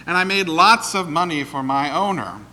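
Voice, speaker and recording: A man's voice: on the high side, moderate pace, pushed and bright, slight background noise, pitched above the performer's own voice. A man voicing an old retired male racing greyhound, who speaks courteously and reflectively in a storytelling sermon. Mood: cheerful, polite.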